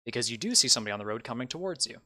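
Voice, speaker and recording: Bright-voiced young male dungeon master. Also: medium pitch, lively intonation, very fast. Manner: casual, rambling, swears freely. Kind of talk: narrating a tabletop game.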